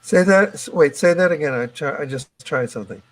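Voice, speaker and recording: A man's voice: a little high, expressive, a little fast, low-quality recording. A man hosting a video call, hesitantly testing microphones and the broadcast with his team. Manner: hesitant, many restarts and fillers. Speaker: host running the broadcast. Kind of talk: casual video-call tech check.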